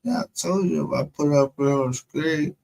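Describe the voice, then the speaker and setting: A man's voice: on the high side, normal speed, vocal fry, a little mellow, poor audio. A man hosting a livestream, rambling in casual, profane commentary and laughing often. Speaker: livestream show host.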